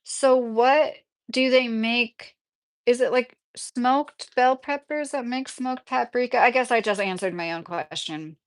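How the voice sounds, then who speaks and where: A woman's voice: fairly high pitch, measured pace. A woman in her thirties chatting casually as a vlogger, rambling with many fillers while reading viewer comments aloud. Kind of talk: casual chat.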